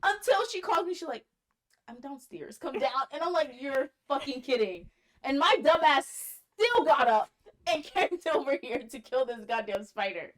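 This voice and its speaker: Young woman cohost, higher voice, blunt and sweary, teasing her friend. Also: sing-song, normal speed, a bit bright. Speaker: podcast co-host. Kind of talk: casual chat.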